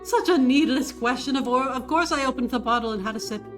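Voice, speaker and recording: A woman's voice: sits high, quick pace, natural voice. A woman voicing a flamboyant, vain young man who tells his story with grand theatrical flourishes, reading game dialogue over game music. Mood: grandiose.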